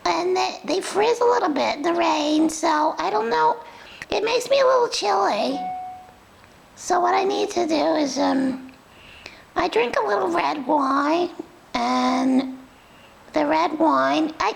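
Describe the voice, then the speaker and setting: A woman's voice: exaggerated voice, poor audio. A woman voicing a sassy, food-loving female pet dog with a New York accent, rambling and confiding. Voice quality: very high, gravelly. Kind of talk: comic pet voice role-play.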